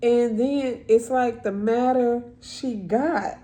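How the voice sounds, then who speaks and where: Slow, emotional woman storyteller. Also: fairly high pitch, mellow. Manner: emotional, repetitive, halting storytelling. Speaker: vlogger telling a story. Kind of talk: personal storytime monologue.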